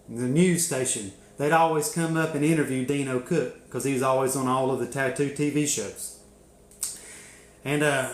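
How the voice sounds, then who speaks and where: Profane man telling stories. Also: a little high. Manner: profane, laughing, drawling storyteller. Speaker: live-stream host. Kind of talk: casual live-stream storytelling. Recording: echoey room.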